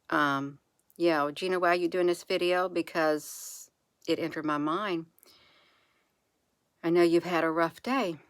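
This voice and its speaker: A woman speaking softly and reassuringly to her viewers, repeating phrases slowly in an encouraging spiritual monologue. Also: on the low side, clean tone, no echo. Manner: soft, repetitive, reassuring, with slow drawn-out phrases. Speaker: channel host.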